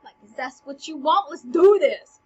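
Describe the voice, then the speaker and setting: A woman's voice: on the high side, moderate pace, sharp tone, husky, dull audio. A woman voicing a young nobleman from a stage tragedy, earnest and grave. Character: vengeful young nobleman Laertes, wavering.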